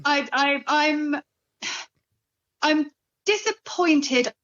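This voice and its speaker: A woman from Bristol co-hosting a podcast, talking in a chatty, animated way. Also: high voice, very slow. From Bristol, England. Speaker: podcast co-host. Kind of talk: casual chat. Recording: dull lo-fi recording.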